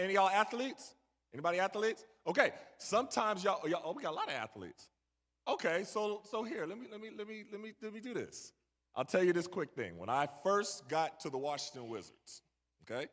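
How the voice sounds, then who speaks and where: A man's voice: fairly high pitch, fairly bright tone. A middle-aged man telling a story to a young audience and bantering with the crowd. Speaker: guest speaker. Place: large church hall. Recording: echoey church hall.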